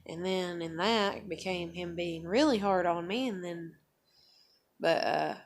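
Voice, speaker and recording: A woman's voice: on the low side, unhurried. A woman in her thirties talking in a casual, rambling vlog monologue, full of fillers and swearing. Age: 30s. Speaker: vlogger.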